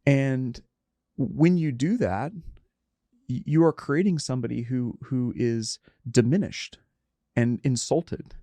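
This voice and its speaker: A middle-aged man speaks candidly in a reflective interview, his voice mellow and gravelly. He halts and restarts as he works through a story. The studio sound is close and dry. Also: mid-range voice, dry recording. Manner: earnest, candid, halting with restarts. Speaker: podcast guest.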